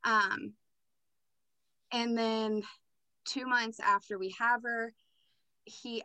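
Bright candid young woman telling her story. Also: medium pitch, dry recording, poor audio. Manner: candid, matter-of-fact recounting with filler words. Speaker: guest. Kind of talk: personal storytelling in a podcast interview.

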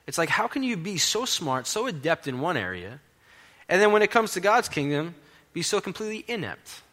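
A man's voice: high-pitched, very animated, fairly quick, sharp tone. A male pastor preaching a sermon in a casual, emphatic storytelling way. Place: church in New York City. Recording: long hall reverb.

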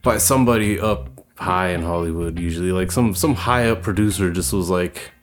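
A man's voice: deep voice, normal speed, soft background music. A man co-hosting a casual podcast chat, rambling and swearing with lots of filler words. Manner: rambling, profane, many filler likes.

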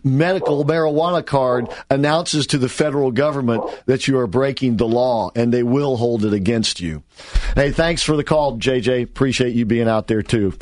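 A man's voice: medium pitch, moderate pace, a little mellow, no room sound, clean studio sound. A man hosting a talk radio show, giving assertive commentary and taking calls. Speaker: radio host.

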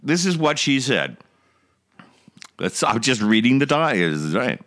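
A man's voice: medium pitch, sing-song, takes it slowly, a bit bright. A man hosting a comedic political show, mocking the news and laughing often. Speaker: host.

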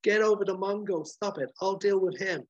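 A man voicing a brash young space hero, loud and cocky. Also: high-pitched, brisk, dry recording, muffled recording, voice pushed up. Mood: rallying.

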